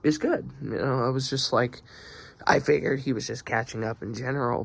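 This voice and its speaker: A man's voice: medium pitch, vocal fry, slightly rough. A young man venting in a rambling, profane video diary about his work schedule. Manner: profane, rambling, frustrated venting with many restarts. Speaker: vlogger. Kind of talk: casual video diary rant.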